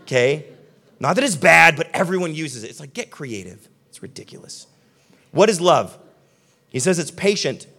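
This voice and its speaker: Young guy pastor preaching, kinda higher voice, chatty and punchy, talking right at the crowd. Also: expressive, moderate pace, creaky, fairly bright tone. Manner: conversational, emphatic, addresses the audience directly. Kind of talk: sermon. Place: church hall with a live audience.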